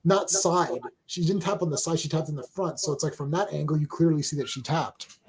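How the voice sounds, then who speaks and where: A man co-hosting a casual chat show, talking excitedly with many restarts and reading viewer comments aloud. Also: a little high, brisk, crowd noise. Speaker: co-host.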